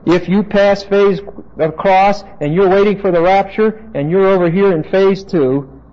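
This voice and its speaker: A man's voice: sits high, fairly even intonation, unhurried. A man teaching a sermon from the Bible, insistent and emphatic, turning to his listeners with asides. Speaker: preacher. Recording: dull lo-fi tape recording.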